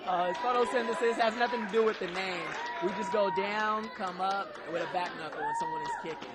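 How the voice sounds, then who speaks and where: A man's voice: sits high, huge pitch swings, a little fast, over a noisy crowd. A man, a karate champion and instructor, answering interview questions modestly with many hesitations.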